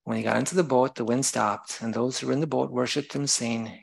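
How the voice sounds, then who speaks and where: Man, preacher, gravelly voice, sermon, reads scripture and explains it, corrects himself. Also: mid-range voice, steady tone, a little fast, rough recording.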